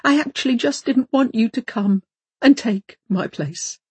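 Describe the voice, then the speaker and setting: A woman's voice: on the high side, measured pace, darkish tone, breathy edge, no room sound, voice pushed up. A woman reading an audiobook voices a prim, fussy older wife who speaks in precise, insistent, formal phrases. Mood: brittle.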